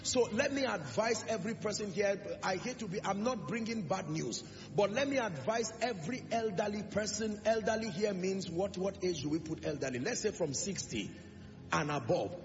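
High, gravelly-voiced male preacher. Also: expressive, normal speed, a crowd in the background. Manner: emphatic preaching with rhetorical questions. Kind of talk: sermon. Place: church. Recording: reverberant lo-fi hall recording with music.

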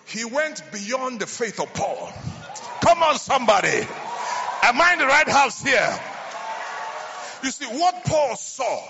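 Fervent preacher man shouting in a hall. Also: very high-pitched, very animated, slow pace, gravelly, background noise. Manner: fervent, shouting call-and-response. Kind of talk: healing sermon. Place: large church hall. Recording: lo-fi church hall recording with reverb.

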